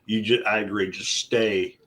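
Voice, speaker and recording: Lower-voiced man chatting casually. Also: flat delivery, a little slow, sharp tone. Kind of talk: casual chat.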